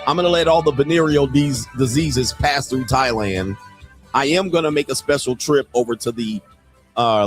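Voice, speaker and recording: A man's voice: medium pitch, fairly bright tone, dry recording. A man hosting a casual livestream, reading out chat messages and talking in a crude, blunt, joking way. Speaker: podcast host.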